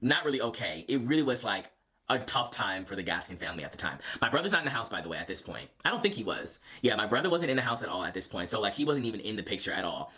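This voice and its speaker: Animated young man telling a personal story. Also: fairly low pitch, fast talker. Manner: animated, lots of fillers and restarts. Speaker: vlogger. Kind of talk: casual storytelling.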